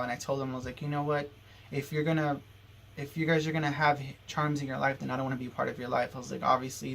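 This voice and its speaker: A man's voice: mid-range voice, gravelly, a bit bright, slight background noise. A young man vlogging a personal story in a rambling, emotional way, full of fillers and restarts.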